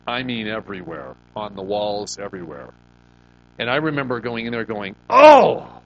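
A man's voice: lowish voice, normal speed, lo-fi sound. A middle-aged man preaching to a congregation in a conversational, storytelling way, often asking them questions. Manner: folksy personal storytelling. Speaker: pastor. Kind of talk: sermon.

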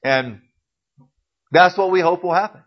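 A man teaching a casual Bible class in a church classroom. He clears his throat often and corrects himself as he goes. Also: high-pitched, measured pace. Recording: dull lo-fi recording.

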